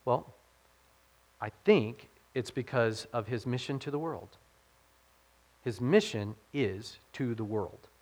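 A man's voice: mid-range voice, slow pace, pauses often, darkish tone. A man pastor giving a conversational sermon, posing rhetorical questions to the congregation and dropping his voice to quote scripture.

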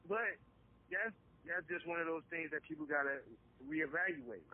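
A man's voice: fairly high pitch, expressive, moderate pace, vocal fry. A man co-hosting a casual chat, blunt and slangy, acting out quoted voices. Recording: tinny phone-like sound.

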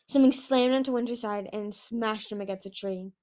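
A woman reading a fantasy novel aloud in a lively, expressive way. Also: medium pitch, brisk. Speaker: audiobook reader. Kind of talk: storybook reading.

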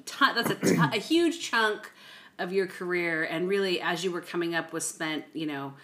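A woman hosting a podcast in casual interview chat, curious and quick to react. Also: on the low side, expressive, sharp tone. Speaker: podcast host.

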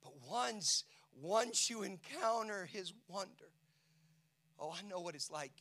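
High-voiced man preaching with emotion. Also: lively intonation, slow. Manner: emotional storytelling preaching, swinging from hushed to shouting. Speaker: pastor. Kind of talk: sermon.

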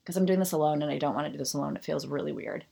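A woman in her thirties talks alone on her podcast in a lowish voice. She rants with biting sarcasm and a lot of push, then settles into reading a passage aloud. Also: racing, creaky. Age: 30s. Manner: ranting, sarcastic, animated. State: out of breath. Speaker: podcast host. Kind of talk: solo podcast monologue.

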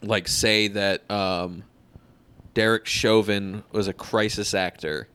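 A man's voice: lowish voice, fairly even intonation, takes it slowly, bright, forceful tone, smooth. A man, co-hosting a casual podcast chat, cracking crude jokes and laughing often. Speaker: podcast co-host.

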